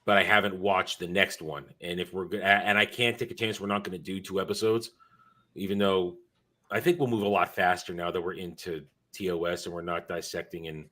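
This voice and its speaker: Brief: male streamer, tired, rambly casual chat, bright forward tone. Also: low-pitched, flat delivery, a little fast. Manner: rambling, self-correcting, chatty. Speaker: streamer hosting his own show.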